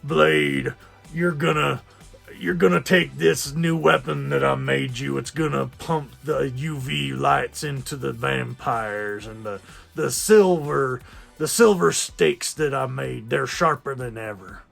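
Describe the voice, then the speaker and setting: A man putting on an impression of an older gray-haired male weapons mechanic, in a slow, low-key delivery over faint music. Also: gravelly, fairly bright tone, heavily acted. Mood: instructive.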